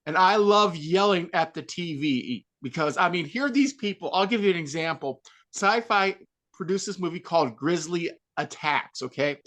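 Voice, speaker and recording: A woman co-hosting a podcast, telling stories in an animated, sarcastic way during a casual panel chat. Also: fairly low pitch, normal speed. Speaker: podcast co-host.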